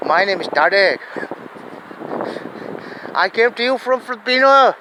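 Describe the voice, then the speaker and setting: A man's voice: high-pitched, lively intonation, measured pace. A man mimicking a chirpy homeless man with a put-on East Asian English accent and broken grammar, outdoors with wind noise.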